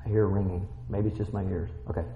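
A man preaching a sermon as a pastor, reading scripture and breaking into loud exclamations. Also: deep voice, fast talker. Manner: animated, swings between loud exclamations and quiet reading. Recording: echoey hall with long reverb, dull sound.

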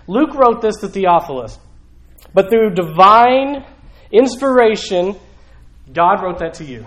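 A middle-aged male pastor giving a conversational sermon, swinging from hushed asides to raised, emphatic exclamations. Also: high-pitched, expressive, slow pace, pauses often, echoey room, low-quality recording.

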